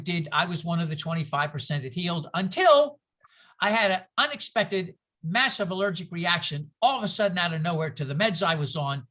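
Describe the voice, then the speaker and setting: A man's voice: on the high side, bright, forceful tone. A man leading a group discussion over a video call, telling a personal story earnestly and rambling with many restarts.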